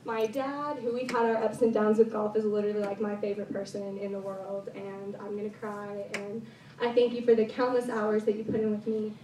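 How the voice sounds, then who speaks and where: A woman's voice: mid-range voice, level tone, brisk, highs cut off, background noise. A teenage girl giving a rambling, heartfelt thank-you speech at a golf banquet, full of "like" and "um". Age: teens. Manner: bubbly, rambling, lots of "like" and "um". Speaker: high school golfer giving a banquet speech. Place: banquet room. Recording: echoey room from far off with loud ambience.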